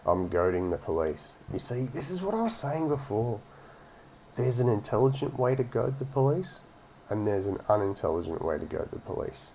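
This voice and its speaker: A man's voice: medium pitch, expressive, normal speed, vocal fry, mellow, slight background noise. A man giving sarcastic, swear-filled commentary while reacting to a video. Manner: sarcastic, swears freely, mocking asides. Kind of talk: casual profane commentary over a video.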